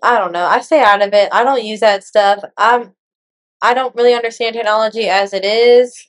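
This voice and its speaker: A woman's voice: fairly high pitch, normal speed. A woman joining a friend in casual chat, asking questions and wondering aloud. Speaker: co-host friend.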